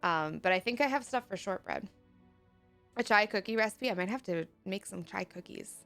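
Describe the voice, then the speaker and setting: A woman's voice: mid-range voice, animated, normal speed, gravelly, fairly bright tone. A young woman chatting casually on a live stream, reading chat messages aloud and laughing often. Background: faint music.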